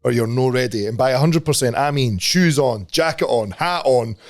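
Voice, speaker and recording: A man's voice: medium pitch, normal speed. A man in his thirties with a Scottish accent, co-hosting a podcast with laughing, sweary banter. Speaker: podcast co-host. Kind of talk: casual chat. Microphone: studio mic.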